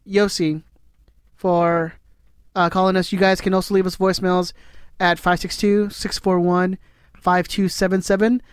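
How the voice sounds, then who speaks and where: A man hosting a casual podcast chat in a relaxed, rambling way. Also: high-pitched, moderate pace, clean tone, no room sound, studio quality. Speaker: podcast host.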